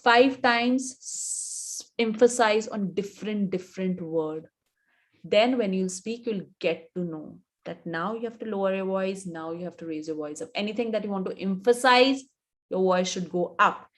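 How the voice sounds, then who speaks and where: A woman's voice: medium pitch, normal speed. A woman with an Indian English accent, an image coach in her thirties, giving instructive advice in a live webinar and repeating her points for emphasis.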